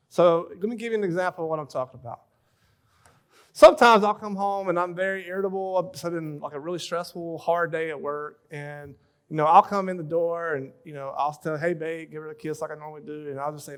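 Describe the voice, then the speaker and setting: A man in his thirties giving a relaxed, joking talk at a church marriage conference, full of everyday stories. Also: fairly high pitch, fairly quick, smooth. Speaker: pastor leading a marriage session.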